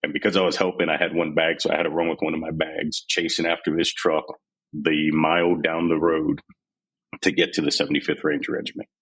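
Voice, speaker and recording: Very deep, husky-voiced man telling his story. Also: brisk, poor audio. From San Antonio, Texas. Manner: candid, animated retelling with quoted voices. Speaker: podcast guest, army veteran. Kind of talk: candid storytelling interview.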